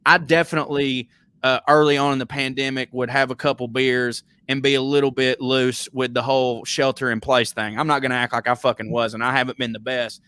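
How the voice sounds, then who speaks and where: A man's voice: mid-range voice, a little fast, clean tone, no room sound. A man with a Southern American accent co-hosting a podcast, telling stories in casual comedic chat with lots of profanity. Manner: profane, storytelling, animated tangents. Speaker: podcast co-host.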